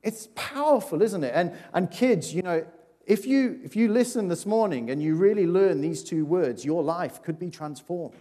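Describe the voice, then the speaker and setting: A man gives a light, chatty children's talk in church. He keeps turning to his listeners with questions in a voice pitched a little high. His words ring out through the long reverb of a large hall. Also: normal speed, dark tone. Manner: chatty and playful, asks the audience questions, often restarts. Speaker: preacher giving a children's talk.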